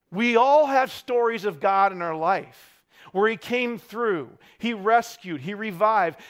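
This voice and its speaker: A middle-aged man preaching a sermon, animated, acting out cries and bits of dialogue. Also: high-pitched. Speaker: pastor.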